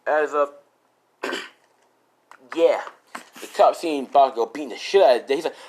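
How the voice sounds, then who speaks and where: A man improvising a fan story out loud, rambling and profane, often correcting himself and laughing at his own lines. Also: medium pitch, unhurried.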